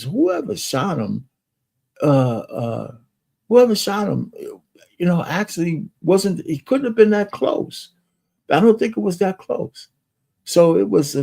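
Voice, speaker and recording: A man's voice: medium pitch, vocal fry, mellow. A man giving casual, rambling commentary as he reacts to news clips, with many fillers and restarts.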